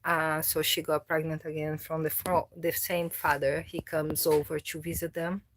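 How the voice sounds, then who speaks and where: A woman vlogging casually about her cats, coaxing them with meows and baby talk between relaxed explanations. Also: low-pitched, moderate pace, slight background noise. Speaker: cat owner and vlogger. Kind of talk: casual vlog narration.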